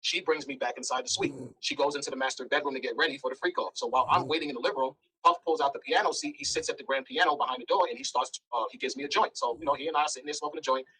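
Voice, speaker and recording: A man's voice: on the high side, very fast, hardly any pauses, husky, low-quality recording. A man speaking as an interview guest, telling a blunt, candid story and acting out the dialogue. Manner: blunt, animated, acts out dialogue.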